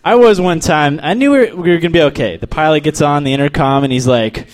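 A young man from Texas doing a crude, deadpan stand-up set, then chatting casually about himself. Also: a little high, fast. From El Paso, Texas. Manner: deadpan, crude, stumbling restarts. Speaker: stand-up comedian.

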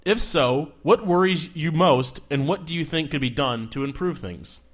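A young man hosting a casual comedic interview, loud and teasing, joking at his guest. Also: a little high, expressive, normal speed. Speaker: host.

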